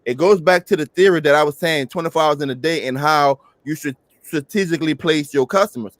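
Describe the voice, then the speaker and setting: A man's voice: fairly high pitch, a little fast, no room sound. A man, a YouTuber co-hosting a casual chat, talking in an emphatic, hyped-up motivational way. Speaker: YouTuber and co-host.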